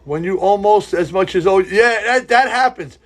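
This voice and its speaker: A man hosting a live stream from his model railroad layout, sniffly and sneezing, talking in a rambling, halting way that often repeats itself. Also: high voice, a bit bright, soft background music. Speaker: livestream host running a model railroad. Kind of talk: casual live-stream chat while working. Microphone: earpiece in ear.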